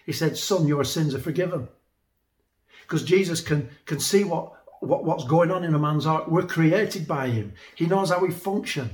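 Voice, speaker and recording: A man's voice: fairly high pitch, moderate pace, few pauses. A man preaching a sermon in an earnest, conversational way, often repeating words as he builds a point. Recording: echoey room.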